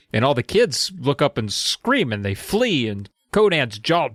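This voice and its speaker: A man co-hosting a podcast, casually recapping a book in an animated way, slipping into quick character voices. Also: mid-range voice, no echo, studio quality. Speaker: podcast co-host.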